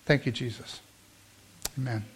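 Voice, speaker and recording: A man preaching a sermon, telling a story and praying, dropping soft for calm quoted lines and rising when he prays. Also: mid-range voice, measured pace, breathy edge. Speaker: pastor. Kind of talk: sermon with closing prayer.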